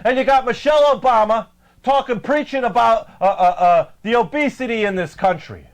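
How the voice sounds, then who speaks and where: High-pitched man ranting indignantly. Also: moderate pace, rough recording. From United States. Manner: heated, indignant ranting with stammered fillers. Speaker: host of a live web show. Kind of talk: ranting political call-in show.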